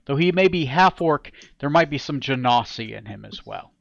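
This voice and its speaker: A man's voice: mid-range voice, animated, vocal fry, no echo, dull audio. Casual man running a tabletop game. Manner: casual, halting narration with fillers. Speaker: game master.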